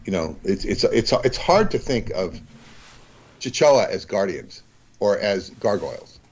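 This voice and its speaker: A man talking as a guest in a casual conversation, rambling and halting, with many restarts. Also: on the low side, expressive, slightly rough, muffled recording.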